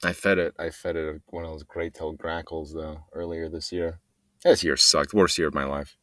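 A man's voice: a bass voice, flat delivery, moderate pace, fairly bright tone, no room sound, studio quality. A man hosting a solo podcast, rambling and joking in a meandering way and trailing off mid-sentence. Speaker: podcast host.

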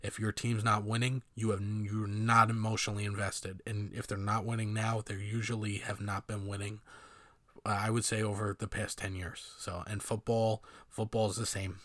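A man's voice: lowish voice, level tone, normal speed, fairly bright tone, no echo. A man giving a casual, rambling sports opinion monologue with many fillers and sardonic asides. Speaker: sports commentator.

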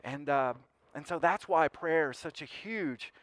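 A man's voice: fairly high pitch, a little slow, a bit bright, dry recording. A male pastor preaching conversationally, restarting phrases and swelling on key points. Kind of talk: sermon.

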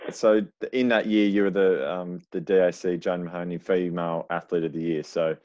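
Male interviewer, very low voice, relaxed with ums; dull, muffled recording. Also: normal speed. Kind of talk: casual interview questions.

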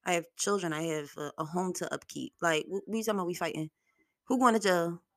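A young woman hosts her own podcast in a blunt, profane, lively storytelling style. Her voice sits fairly low and has a gravelly fry. The sound is dry and close to the mic, with no room echo. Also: quick pace. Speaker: podcast host. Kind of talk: solo podcast talk.

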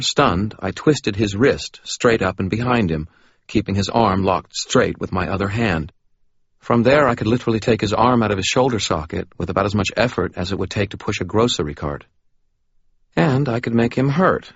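A man's voice: lowish voice, breathy edge, no echo. A man reading a first-person audiobook in a dry, matter-of-fact way. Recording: dull lo-fi recording.

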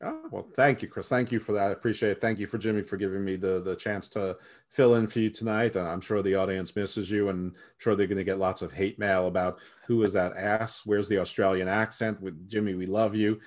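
A man's voice: low voice, fairly even intonation, quick pace, a little mellow. A man guest co-hosting a casual podcast, opinionated, often repeating words as he thinks. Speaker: guest co-host.

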